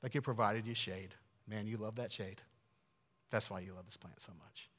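A man's voice: on the low side, fairly even intonation, normal speed. Earnest preacher man in a reverberant hall. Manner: earnest, swings from hushed to emphatic. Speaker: pastor. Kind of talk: sermon.

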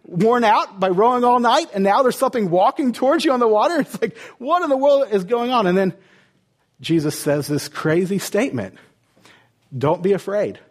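A man preaching a sermon as a pastor, retelling the story with lively rhetorical questions. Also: very high voice, a little fast.

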